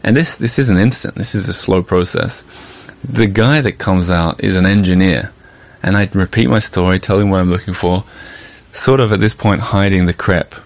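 A man with a low voice hosts a podcast and recounts his own adventure in an easygoing, conversational way. He loops back with little asides and fillers as he goes. The recording is dry and close, with no room sound. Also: moderate pace, vocal fry, dry recording. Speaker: podcast host and journalist. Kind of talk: casual storytelling monologue.

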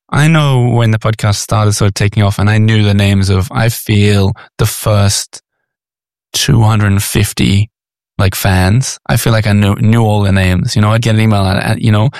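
A man's voice: on the low side, steady tone, moderate pace, a little mellow, no echo, clean studio sound. An Australian man hosting a casual podcast interview, chatty, with hesitant starts and lots of fillers. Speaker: podcast host.

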